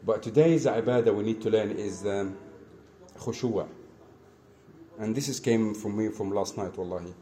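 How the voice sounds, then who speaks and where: A man preaching an earnest lesson, repeating phrases and swinging between soft asides and emphatic calls. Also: lowish voice, normal speed, long pauses, slight background noise. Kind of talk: mosque lesson, storytelling sermon.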